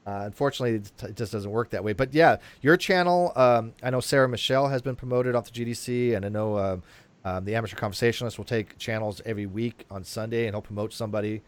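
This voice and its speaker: A man's voice: on the low side, quick pace, clear, resonant tone. A man hosting a casual chat show, talking hesitantly with frequent fillers and restarts. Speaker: host.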